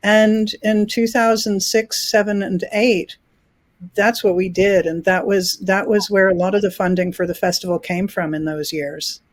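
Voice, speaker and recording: A woman's voice: mid-range voice, level tone, moderate pace, dry recording. A woman in her sixties from New York who grew up in England, answering interview questions in a conversational way with frequent restarts and easy laughter. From New York, raised in England. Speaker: film festival founder.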